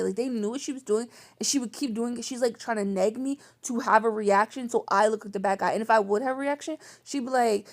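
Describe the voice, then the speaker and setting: Young woman vlogging, kinda gravelly fry in her voice, venting, says like a lot. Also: a little high, quick pace, few pauses. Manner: frustrated, venting, heavy use of "like". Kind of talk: personal storytime vlog.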